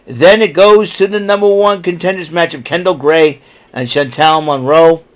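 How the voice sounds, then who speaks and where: A man's voice: on the high side, fairly even intonation, normal speed. A man hosting his own podcast, recapping a show in a casual, rambling, opinionated way, mocking the people he talks about. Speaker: podcast host.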